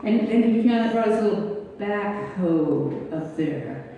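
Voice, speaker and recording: A woman's voice: medium pitch, lively intonation, a little slow, dark tone, lo-fi sound. A woman doing a stand-up comedy set on a club stage, telling self-mocking stories in a chatty way. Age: 60s. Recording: echoey club hall, mic from far off.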